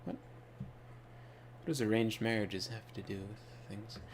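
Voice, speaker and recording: Gravelly-voiced man rambling while gaming. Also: fairly low pitch, steady tone, slow, a little hiss or hum. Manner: rambling, offhand storytelling while playing. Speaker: gaming channel host. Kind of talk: casual gaming commentary.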